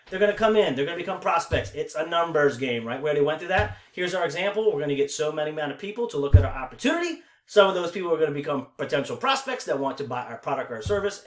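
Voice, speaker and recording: A man giving a casual screen-share tutorial as an online marketing coach, energetic and often checking in with "right?" and "okay?". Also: fairly high pitch, echoey room.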